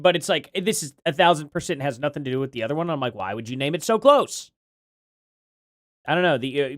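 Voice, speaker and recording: A male streamer talks off the cuff, musing aloud and second-guessing himself as he reacts. His pitch leaps around animatedly, and the sound is dry and close with no room to it. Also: dry recording. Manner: rambling, thinking aloud, self-questioning. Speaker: streamer host. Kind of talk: casual live-stream commentary.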